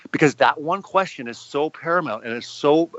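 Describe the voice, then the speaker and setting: A man, a guest filmmaker, talking in a casual interview and telling animated stories with quoted exchanges. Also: on the high side, no echo, lo-fi sound. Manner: fast, animated storytelling with acted quotes.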